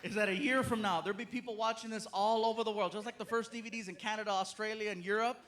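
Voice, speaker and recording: A man doing a live stand-up comedy set on a theater stage, telling stories in an animated way with laughs and asides. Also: high voice, fast. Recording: noisy live crowd in a theater.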